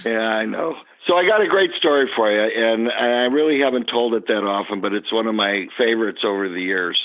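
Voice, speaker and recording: A man, a guest on the podcast, telling an animated story about his past work. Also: lowish voice, a little fast. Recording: tinny phone line.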